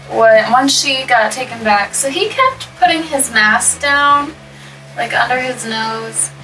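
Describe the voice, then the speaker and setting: A woman's voice: on the high side, a bit bright. Chatty young woman, mic a bit distant. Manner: chatty, laughs often, trails off and restarts. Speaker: vlogger. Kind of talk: casual story time while coloring hair. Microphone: microphone placed up by the camera.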